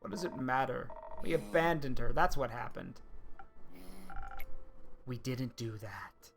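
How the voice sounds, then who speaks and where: A man streaming a cozy visual novel, reading the characters' lines aloud in a subdued, quiet way. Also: medium pitch, animated, measured pace, gravelly, music in the background. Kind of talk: reading game dialogue aloud.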